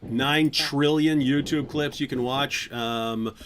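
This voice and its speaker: A man's voice: mid-range voice, steady tone, slow, fairly bright tone, a little hiss or hum. A man hosting a casual livestream, talking in a loose, rambling way full of fillers and restarts. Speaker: livestream host.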